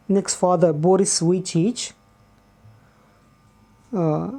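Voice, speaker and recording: Patient woman teacher, unhurried, low and mellow, repeats herself for clarity. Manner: patient and deliberate, repeats key words, frequent "uh" pauses. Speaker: English teacher. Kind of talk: slow classroom explanation.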